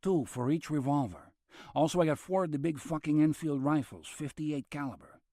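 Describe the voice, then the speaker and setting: A male narrator voicing a laid-back man with a Mexican accent who speaks in an unhurried, matter-of-fact way. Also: fairly high pitch, mellow, no echo, clean studio sound, voice pushed up, close to an everyday voice. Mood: easygoing.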